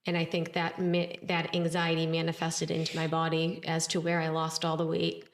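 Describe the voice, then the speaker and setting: A woman's voice: sits low, completely flat delivery, normal speed. A woman sharing her own experience openly and reflectively. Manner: open, reflective. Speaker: podcast co-host. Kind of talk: casual personal sharing. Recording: echoey room.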